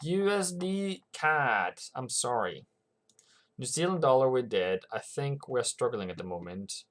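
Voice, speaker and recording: A man's voice: medium pitch, expressive, unhurried, a bit bright. A man hosting a livestream who gives rambling, casual commentary on currency markets and reads out viewer comments as he goes. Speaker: forex trading channel host.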